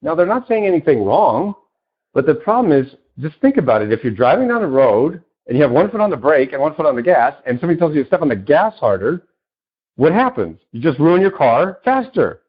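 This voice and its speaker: A man, a podcast guest and success coach, telling stories in an animated, loose way and acting out the people he quotes. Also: a little high, brisk, husky, highs cut off. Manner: loose, with many "you know" fillers. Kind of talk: conversational interview storytelling.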